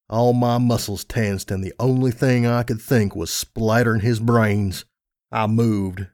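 A man's voice: fairly low pitch, no echo, studio quality. Man earnestly narrating a dramatic story. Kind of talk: first-person fan fiction narration.

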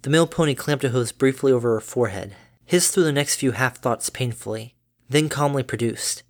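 A woman narrating a fan fiction story in a steady, unhurried way. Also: a bass voice.

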